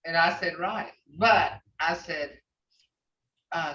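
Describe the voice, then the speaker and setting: A woman's voice: sits low, slow, pushed and bright. An older woman teaching a language class who tells stories and uses many "you know" fillers. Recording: echoey, distant, dull recording.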